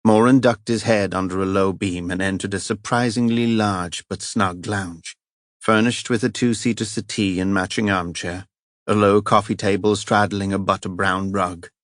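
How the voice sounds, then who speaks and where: A man narrating a crime thriller audiobook in a measured, even storytelling manner. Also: low voice, dry recording, studio quality. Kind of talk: scripted narration.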